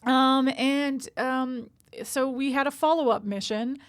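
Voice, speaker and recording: A woman streamer chats casually over a game, rambling and self-deprecating with plenty of fillers. Her voice is a touch high. The sound is dry and close to the mic. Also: slow, clear, resonant tone, dry recording.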